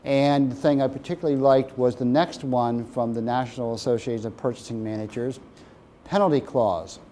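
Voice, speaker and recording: A man lectures a training class in a mellow, relaxed voice at a middle pitch. He works through definitions and puts questions to the room. A faint hum of room noise sits under the recording. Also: brisk. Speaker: procurement course instructor.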